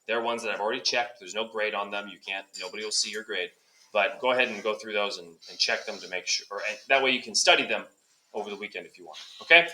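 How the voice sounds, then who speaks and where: A male teacher giving brisk step-by-step classroom instructions, lightly joking. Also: lowish voice, sharp tone, slight background noise, rough recording. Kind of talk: classroom instructions recorded for a substitute.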